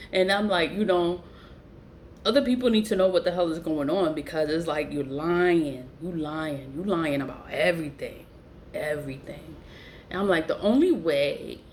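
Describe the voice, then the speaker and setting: A woman telling a story in a casual, profane rant, laughing often and swinging her voice up high for emphasis. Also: a little hiss or hum. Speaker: vlogger who sells spiritual goods online.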